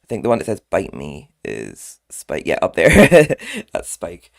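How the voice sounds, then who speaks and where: Low-voiced man chatting. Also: wildly swooping pitch, measured pace, vocal fry. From Scotland. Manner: rambling, chatty, laughs often between remarks. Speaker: vlogger. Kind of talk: casual chat.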